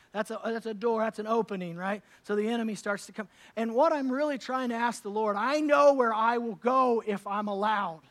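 A male pastor preaching a sermon at a church service, conversational and emphatic, swinging between loud declarations and soft asides. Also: sits high.

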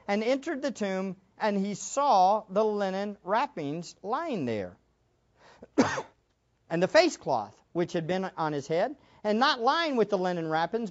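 A woman teaching a Bible lesson as a sermon, emphatic and animated, acting out the quotes she reads. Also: mid-range voice, highs cut off.

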